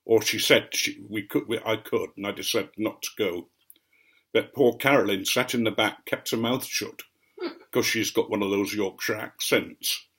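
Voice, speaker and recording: A man with a received English accent with a faint Norfolk edge, telling unhurried anecdotes in a rambling vlog with frequent ums. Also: fairly low pitch, fairly bright tone, breathy edge. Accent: mostly received English, light Norfolk. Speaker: vlogger. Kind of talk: rambling anecdotal chat to camera.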